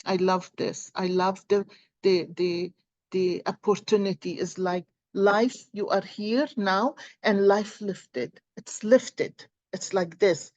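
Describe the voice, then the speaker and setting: A woman speaking as a gives a heartfelt motivational talk, repeating her words for emphasis. Her delivery is slow and unhurried. The recording is dry, with no room sound. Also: medium pitch, no room sound. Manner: earnest, encouraging, repeats phrases for emphasis. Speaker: tarot and coffee cup reader. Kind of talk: motivational casual talk to viewers.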